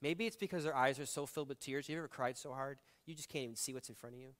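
Bright-voiced male pastor preaching conversationally. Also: mid-range voice, quick pace. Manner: conversational, emotive, shifting between loud emphasis and soft reflection. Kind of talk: sermon.

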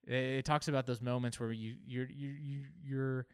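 A man's voice: medium pitch, steady tone, normal speed, smooth, no echo, clean studio sound. A man giving a casual, reflective monologue, musing and searching for words as he talks.

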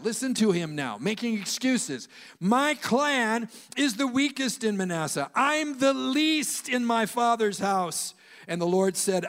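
A man preaching a sermon to a church congregation, acting out biblical dialogue in changing voices. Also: high-pitched. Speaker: pastor. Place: church sanctuary. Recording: long hall reverb.

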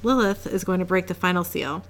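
A woman's voice: lowish voice, a little fast, close to an everyday voice. A woman reading the lines of a smug, scheming male angel, in a glib and mocking way, without doing much of a voice.

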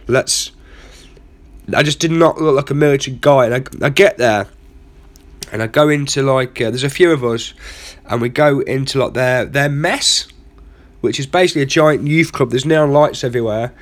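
A man's voice: medium pitch, normal speed. A man hosting a comedy podcast, telling a rambling, self-mocking story full of asides. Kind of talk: comic storytelling monologue.

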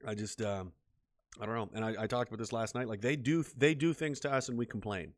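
A man's voice: mid-range voice, quick pace. Profane ranting man. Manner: profane, repetitive, bitter and heated. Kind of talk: ranting solo monologue.

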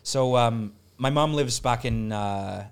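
Brief: canadian-raised comic, casual, crude storytelling, mid-pitched man. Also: slow pace. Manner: crude, jokey storyteller who slips into impressions. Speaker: comedian guest. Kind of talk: casual podcast chat.

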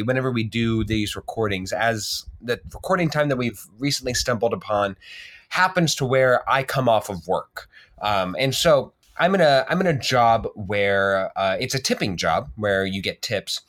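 Animated rambling male podcast host. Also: on the low side. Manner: animated storyteller, rambling with restarts and laughs. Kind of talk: casual chat.

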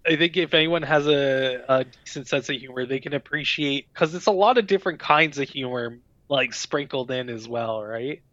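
A man's voice: medium pitch, moderate pace, hardly any pauses, a bit bright, no room sound. Chatty man on a dull, dry recording. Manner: laughs often, chatty with many fillers. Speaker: podcast co-host. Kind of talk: casual chat.

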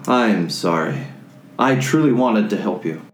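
A man's voice: on the low side, lively intonation, slow pace, echoey room, faint music behind. A man voicing a proud, polite male wizard who speaks formally and pleads. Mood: apologetic.

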